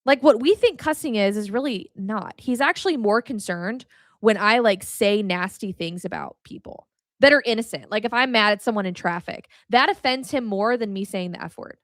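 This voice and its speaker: A woman's voice: mid-range voice, normal speed, dry recording, studio quality. A young adult woman hosting a podcast, teaching about faith in a blunt, casual way, cussing freely and ranting with animation. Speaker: podcast host.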